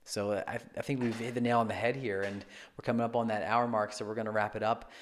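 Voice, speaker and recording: A man's voice: on the low side, little pitch movement, fast, a little hiss or hum. A man co-hosting a fitness podcast, talking in an earnest, encouraging way. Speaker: podcast co-host, fitness coach. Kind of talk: casual podcast chat.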